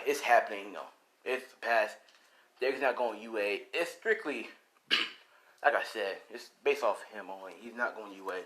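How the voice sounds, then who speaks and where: A man's voice: mid-range voice, bright, forceful tone. Rambling man improvising a fan story. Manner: rambling, full of "you know" and "like".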